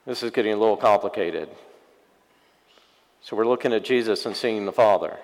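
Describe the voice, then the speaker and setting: A man's voice: lowish voice, brisk, vocal fry. Preaching man in a reverberant church. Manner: dramatic, swings from loud to very quiet; wry, sarcastic asides. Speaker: pastor. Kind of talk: sermon.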